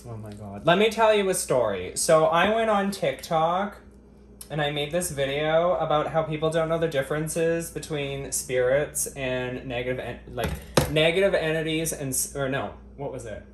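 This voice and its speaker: A man's voice: a little high, moderate pace. A man vlogging as he cooks in his home kitchen. He talks straight to his viewers in a profane, sarcastic, mock-dramatic way and teases them. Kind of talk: cooking vlog chat to camera. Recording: echoey kitchen with faint ambient noise.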